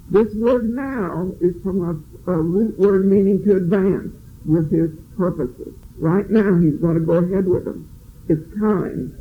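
A man's voice: high voice, husky. A man teaching a Bible study, earnestly reading scripture aloud with emphasis and explaining it to his class. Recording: tinny phone-like line.

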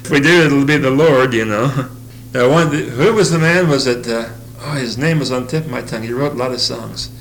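A man's voice: medium pitch, fairly quick, fairly bright tone, slight background noise, poor audio. An older man giving an informal sermon, telling homely stories, reading scripture and chuckling often as he talks. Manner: folksy, chuckling often, reads scripture aloud. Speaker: preacher.

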